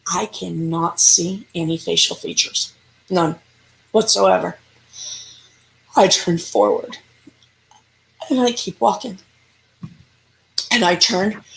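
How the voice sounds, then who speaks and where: A woman paranormal investigator telling an eerie encounter in an interview, animated and acting out the dialogue. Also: lowish voice, vocal fry. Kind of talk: storytelling in an interview.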